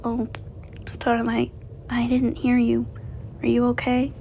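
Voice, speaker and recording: A gentle male animatronic caretaker, read by a woman in a slightly raised, gravelly voice. He speaks softly and hesitantly, often stammering. The storybook reading sounds dull and lo-fi. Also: on the high side, completely flat delivery, takes it slowly, a little hiss or hum. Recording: dull lo-fi recording.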